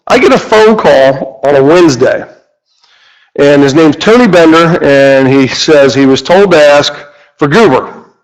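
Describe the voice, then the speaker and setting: A man's voice: on the high side, rough recording. A middle-aged man with a Midwestern American accent, a car shop owner and radio host, telling rambling stories full of fillers. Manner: rambling, anecdotal, many fillers. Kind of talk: casual storytelling talk.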